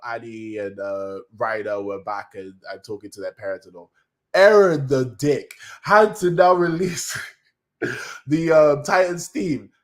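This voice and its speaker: A man reviews something on a casual live stream, excitable and full of slang, rambling with lots of restarts and occasionally breaking into high cries when something moves him.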